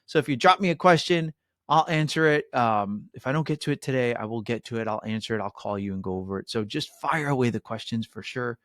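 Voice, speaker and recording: A man's voice: medium pitch, fast talker, fairly bright tone, dry recording, clean studio sound. A middle-aged man hosting a mortgage webinar, chatty and upbeat, with many fillers and "right?" asides. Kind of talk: webinar presentation.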